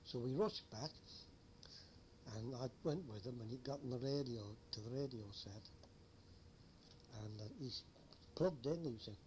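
With long pauses and a moderate pace, an older man's mid-range, darkish voice recounts an old story from his lighthouse-keeping days. He rambles and chuckles, and slight background noise runs under this oral history storytelling.

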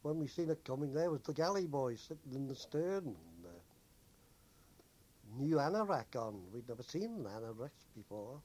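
A man's voice: mid-range voice, sing-song, darkish tone. Older man telling sea stories. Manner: unhurried anecdotal storytelling. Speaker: former merchant seaman. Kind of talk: oral history recollection.

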